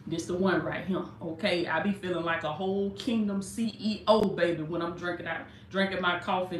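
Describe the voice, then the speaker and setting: A woman's voice: on the low side, a little hiss or hum. Woman hosting a preaching livestream. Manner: warm, repetitive welcoming, calls listeners "baby". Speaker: livestream host and life coach. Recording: echoey room.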